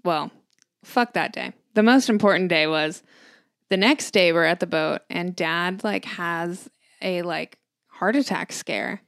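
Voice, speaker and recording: A young woman co-hosts a podcast with a smooth, resonant voice that sits a little low for a woman. She tells things in a relaxed, rambling way full of fillers. Her voice comes across dry and close, with no room sound around it. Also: measured pace, no echo. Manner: laid-back, dry reactions, trailing filler-heavy phrasing. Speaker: podcast co-host. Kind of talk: casual chat.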